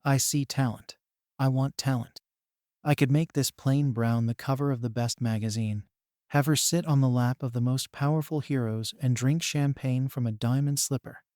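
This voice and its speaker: A man's voice: mid-range voice, steady tone, normal speed, darkish tone, no echo, close to an everyday voice. A man voicing a vain, bullying middle-aged mother who sneers and swears, read in a dry, close sound. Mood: sneering.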